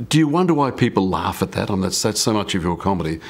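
A man with an Australian accent asking brisk, probing questions in a TV interview. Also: low voice, big pitch swings.

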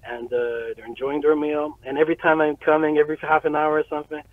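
Excited man telling stories over a tinny line. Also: fairly high pitch, quick pace. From Canada. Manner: excited, swearing, laughing, acts out quotes. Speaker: guest. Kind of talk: casual storytelling interview.

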